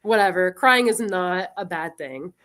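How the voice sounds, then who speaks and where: A woman's voice: on the low side, expressive, unhurried, fairly bright tone. A woman co-hosting a talk show, chatting earnestly and laughing easily. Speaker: guest co-host. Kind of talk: casual chat.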